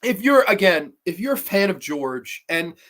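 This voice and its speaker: A man's high, sing-song voice comes across a bit bright at a moderate pace. As host of an informal horror-episode review show, he swears, rambles, uses lots of fillers, and puts on exaggerated voices to imitate characters.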